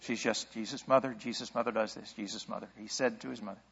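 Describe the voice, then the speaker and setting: A pastor preaching a sermon in a conversational way, asking rhetorical questions and thinking aloud. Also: male voice, on the low side, steady tone, quick pace, gravelly, a bit bright, slightly rough, long reverb tail, highs cut off.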